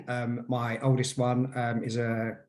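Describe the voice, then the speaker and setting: Guesting on a relaxed podcast interview, a man in his forties who practices hypnotherapy stumbles through his anecdotes with heavy filler and frequent restarts. He speaks slowly and flatly at a medium pitch, his voice a little mellow.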